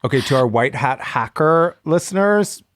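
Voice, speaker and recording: A man's voice: medium pitch, expressive, normal speed, no echo. A man co-hosting a podcast, making dry, matter-of-fact remarks in casual chat. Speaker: podcast co-host.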